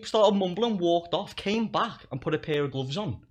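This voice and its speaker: With a high-sitting voice, lively intonation and a brisk pace, a young English comedian chats as a podcast guest. He laughs his way through stories and swears a lot.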